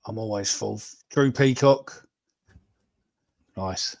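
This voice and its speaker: A man's voice: fairly low pitch, slow pace, creaky, a little mellow, no echo. A man hosting a football podcast, joking crudely and calling everyone "mate". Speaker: podcast host. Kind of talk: casual banter reading out names.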